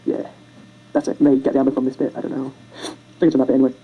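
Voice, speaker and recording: A fast-talking amateur video maker casually retelling a film over rough sketches, rambling, self-mocking, and tripping over words. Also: medium pitch, level tone, dull audio, a little hiss or hum. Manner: makes silly sound effects and character voices.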